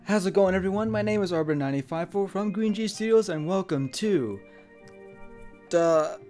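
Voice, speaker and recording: A man doing let's play commentary, goofy, excitable and self-deprecating. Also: sits high, moderate pace, soft background music. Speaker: gaming YouTuber.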